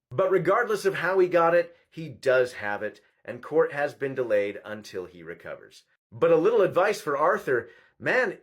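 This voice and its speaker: A man's voice: on the high side, husky. A man recapping court news in a wry, sarcastic commentary style. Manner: sarcastic, animated storytelling. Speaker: vlogger covering court news. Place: Scotland.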